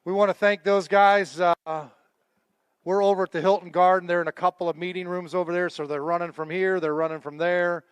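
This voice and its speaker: High-voiced chatty weigh-in emcee man. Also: fairly even intonation, fairly quick, smooth, no echo. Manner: chatty, joking, talks with the anglers and crew. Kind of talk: live event emceeing with casual banter.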